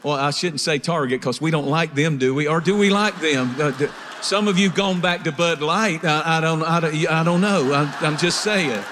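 Male pastor, humorous preacher, high voice, long reverb. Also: normal speed, hardly any pauses, noisy background. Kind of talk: sermon.

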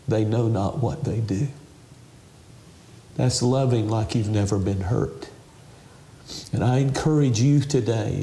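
A man preaches through tears, leading the listener in a slow, heartfelt prayer. His voice is mellow and sits in a roomy, echoing house, with a faint hum of ambience behind him. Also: mid-range voice. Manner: emotional, tearful preaching with slow prayer lines. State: crying. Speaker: television minister. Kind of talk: televangelist interview and altar call.

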